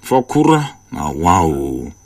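Lively man hosting radio in Pidgin. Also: deep voice, slow pace, no room sound. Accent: Nigerian Pidgin English. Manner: animated, reading out listener messages. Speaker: radio host. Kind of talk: radio call-in show hosting. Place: radio studio.

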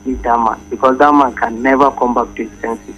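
A man with a Nigerian accent calling in to a radio show, giving measured, earnest advice. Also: mid-range voice, steady tone, fairly bright tone, a little hiss or hum, low-quality recording. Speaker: caller.

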